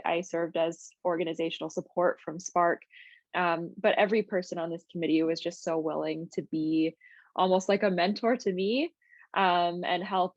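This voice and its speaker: A woman's voice: lowish voice, no room sound, dull audio. A woman giving heartfelt, hesitant closing thanks as a committee organizer, with many fillers. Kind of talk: closing remarks on a video call.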